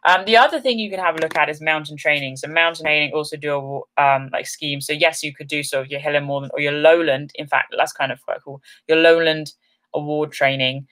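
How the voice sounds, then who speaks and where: A woman's voice: low voice, steady tone, fairly quick, fairly bright tone. A woman hosting an outdoor channel's live stream, chatting upbeat and rambling with many ums while reading comments, a little tired.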